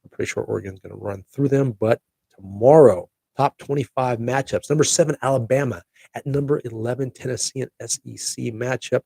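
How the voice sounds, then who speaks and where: A man's voice: medium pitch, a little fast, gravelly, warm tone, breathy edge, no echo. A middle-aged man hosting his own podcast, chatty and upbeat with jokey asides. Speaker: podcast host. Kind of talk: casual solo podcast chat.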